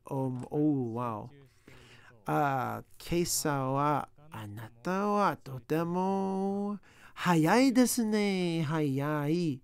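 A man's voice: on the high side, gravelly, clean tone, no room sound. A man working aloud through practice sentences, sounding out words and joking to himself as he studies. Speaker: language learner. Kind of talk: self-talk while studying.

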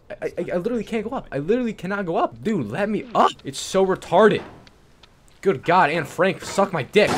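A young man giving casual gameplay commentary, swearing and swinging between yelling and low mumbling. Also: expressive, brisk, slight background noise. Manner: swears and insults the game. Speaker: gaming YouTuber.

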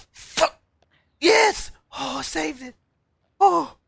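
A woman's voice: sits high, animated, drawn-out words, gravelly, a bit bright, no echo. A woman streaming a frustrating climbing game, yelping yes and no, laughing and shrieking at every setback. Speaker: VTuber streamer. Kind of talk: reactive gameplay commentary.

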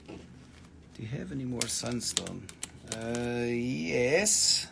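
A man's voice: medium pitch, big pitch swings, very slow, creaky, long pauses, fairly bright tone, a little hiss or hum. A man hosting a live crystal sale, chatting casually with viewers, swearing freely and answering their questions. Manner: loose, profane, reads out viewer questions. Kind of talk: casual live-stream sales chat.

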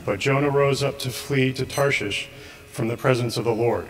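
A man reads scripture aloud at a church service. He keeps a steady, measured pace at a mid pitch and now and then trips over a word. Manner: steady measured reading with occasional slips. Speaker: scripture reader. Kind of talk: liturgical reading.

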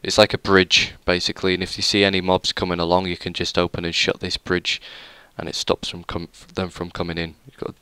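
Low and monotone, his voice moves briskly with few pauses, bright and forceful yet smooth, and there's no echo. He's a young YouTuber casually touring a game world, rambling, running himself down, and filling gaps with hesitant sounds.

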